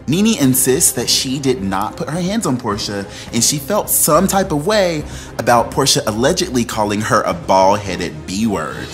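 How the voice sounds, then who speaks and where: A man giving gossip commentary as a vlogger, animated and slangy, laughing as he talks. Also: mid-range voice, moderate pace, soft background music. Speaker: entertainment vlogger.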